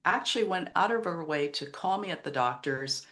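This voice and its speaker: A woman's voice: fairly low pitch, expressive, normal speed, a bit bright. Earnest middle-aged woman telling a story. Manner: earnest, emotional, retells quotes in other voices. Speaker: podcast guest, memoir author. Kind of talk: heartfelt storytelling interview.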